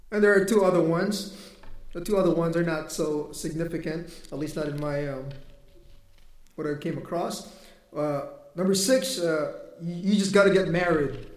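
A man giving a conversational sermon, telling a personal story and quoting people. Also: fairly high pitch. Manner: conversational, quotes people, laughs between points. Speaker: preacher. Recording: echoey room.

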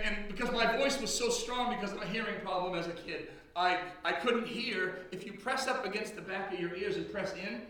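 A middle-aged man preaching a sermon in a loud, booming drill-instructor voice, heard in a church hall. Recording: echoey hall from far off.

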